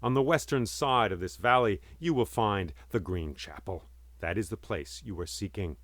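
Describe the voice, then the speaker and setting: A man's voice: on the low side, normal speed, a bit bright, no echo, lightly acted. Man playing a kindly guide, chatty, reassuring, storybook telling, dry close sound. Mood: advising. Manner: conversational, reassuring. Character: cautious, kindly male castle guide.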